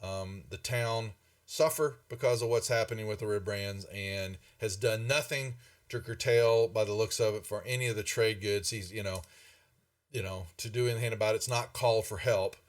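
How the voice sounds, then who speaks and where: A man voicing a gruff, indignant middle-aged male knight who blusters and curses, recorded from a distant mic. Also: lowish voice, fairly even intonation, normal speed, natural voice. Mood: troubled. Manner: blustering, cursing.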